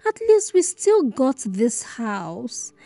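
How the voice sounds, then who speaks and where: A young adult woman playing a calm daughter who gently consoles her mother in a film drama. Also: on the high side, no echo, exaggerated voice. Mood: consoling. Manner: gentle, soothing, slow. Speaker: grown daughter.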